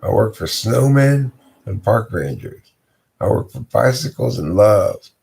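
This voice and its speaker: A man's voice: lowish voice, lively intonation, a little slow, creaky, a little mellow, full character voice. A man voicing a nervous, bumbling young inspector who stammers and gets flustered. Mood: rambling.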